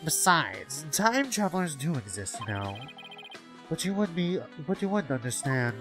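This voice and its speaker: A woman's voice: low-pitched, sing-song, unhurried, fairly bright tone, full character voice. A woman doing a nerdy lecturing male inventor. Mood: lofty. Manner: self-described nerd voice, lecturing. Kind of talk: reading game dialogue aloud on a livestream. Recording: game music playing behind.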